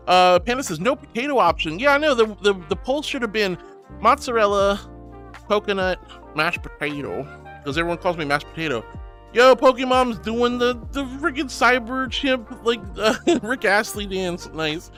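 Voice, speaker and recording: A man's voice: sits high, expressive, a little fast, a bit bright, faint music behind. A man streaming live in a casual, gushing and affectionate way, reading chat aloud and greeting viewers with giggles.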